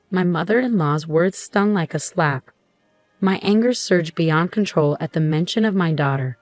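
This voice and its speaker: A woman telling a first-person story as narrator in an even, steady scripted delivery. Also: on the low side, moderate pace, dry recording, faint music behind.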